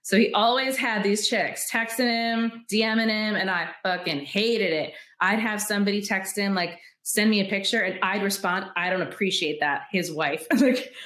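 A woman's voice: mid-range voice, normal speed, few pauses, a bit bright, reverberant. A woman guest entrepreneur telling candid stories in an interview, acting out quoted dialogue and laughing often.

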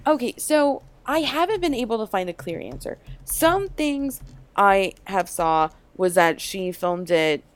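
A young woman co-hosting a podcast in casual chat, animated and full of fillers and quick asides. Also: medium pitch. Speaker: podcast co-host.

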